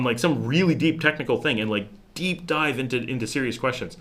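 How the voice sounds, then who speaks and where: A middle-aged man talks at a medium pitch, rambling through a story for his livestream audience. He speaks casually from home, restarting sentences and slipping into little acted-out voices when he quotes people. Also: brisk. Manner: animated, acts out quotes in changed voices, restarts often. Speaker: livestream host answering viewer questions. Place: home in a town abroad.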